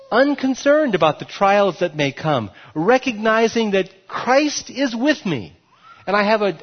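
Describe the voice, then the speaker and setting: Male pastor, sermon delivery, higher voice, dull lo-fi recording. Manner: lively preaching with emphatic rises and soft drops.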